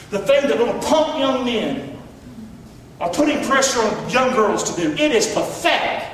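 A man's voice: very high-pitched, lively intonation, moderate pace, fairly bright tone, a little hiss or hum. A middle-aged man preaching a sermon as pastor, emphatic and calling on the congregation to answer back. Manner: emphatic, calls for congregation responses. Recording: echoey church hall recorded from far off.

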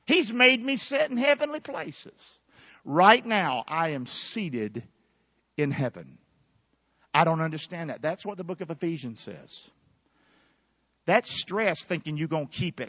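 A pastor preaches with fervor, tossing call-and-response lines to his congregation. His voice sits high and bright and swings widely in pitch. The sound is dry and a little dull. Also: big pitch swings, measured pace, pauses often, breathy edge, dry recording. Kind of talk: sermon. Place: church sanctuary.

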